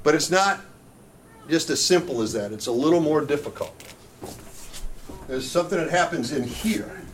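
With a voice on the high side, an expressive delivery, and a moderate pace, a middle-aged man leads a comic marriage lecture for couples; slight background noise is present. He jokes, quizzes the crowd, and keeps saying "right?", and the audience's reactions can be heard.

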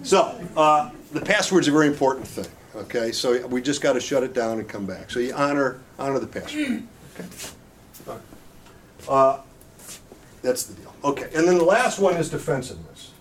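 A man's voice: medium pitch, animated, normal speed, slight background noise. A middle-aged man giving a conversational marriage seminar talk, folksy and joking, often checking in with his listeners. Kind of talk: conversational lecture to an audience.

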